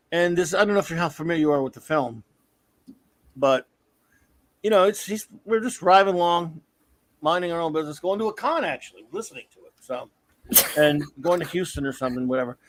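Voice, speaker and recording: A man in his fifties hosting a casual comics talk stream, an animated storyteller who often breaks into laughter. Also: a little high, moderate pace, long pauses, no echo. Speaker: comics podcast host. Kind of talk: casual live-stream chat.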